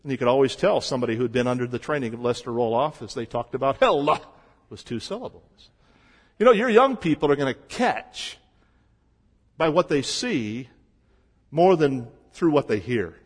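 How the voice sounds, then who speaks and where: A man preaching a sermon as a pastor, shifting between quiet stretches and loud emphasis. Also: medium pitch, expressive, moderate pace, in a large hall.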